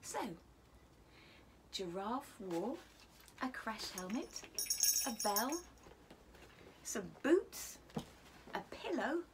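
A woman teacher reading a picture book to children, animated, asking them questions and often dropping to a whisper. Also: on the high side, very slow, pauses often, background noise.

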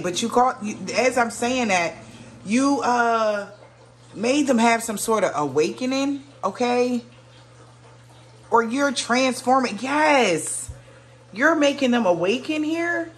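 A woman's voice: a little high, a little hiss or hum. Musing woman reading tarot cards. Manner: musing, exclaims often, trails off mid-sentence. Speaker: tarot reader. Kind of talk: casual spoken card reading to viewers.

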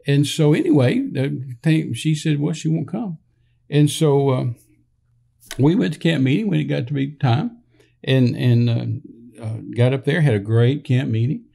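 An older man with a gravelly, mellow voice tells a long personal story in a loose conversational way. He rambles, restarts his sentences and slips into the voices of people he quotes. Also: medium pitch, moderate pace. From Texas. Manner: rambling, many fillers and restarts, acts out quoted dialogue. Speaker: minister telling a story on a podcast.

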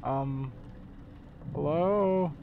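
A man playing a horror game and commenting casually, joking and breaking into dramatic shouts. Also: fairly high pitch, very slow, creaky, phone-quality sound, slight background noise. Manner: jokey, bursts into dramatic shouts. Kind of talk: casual let's-play commentary.

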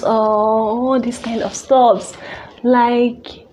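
A woman telling a personal story in a halting, emotional way, full of restarts. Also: medium pitch, steady tone, darkish tone, slight background noise. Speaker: vlogger.

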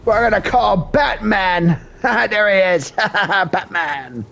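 A man's voice: high-pitched, takes it slowly, gravelly, fairly bright tone, faint music behind. A man giving profane, mocking reaction commentary on a game video, laughing often between crude jokes.

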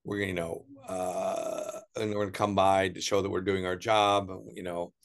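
American guy, middle-aged, gravelly low voice, chatty storyteller full of you-knows. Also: normal speed. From United States. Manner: animated, puts on voices for quoted people, many fillers. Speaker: interview guest, journalist. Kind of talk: casual storytelling interview.

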